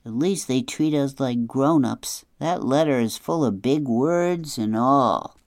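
Woman doing a gentle, coaxing young boy. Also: a bass voice, slow, no echo, exaggerated voice.

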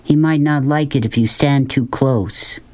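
A woman's voice: rumbling low, darkish tone. A woman reading aloud, voicing a shy young boy who stammers and hesitates. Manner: halting, stammering, reluctant.

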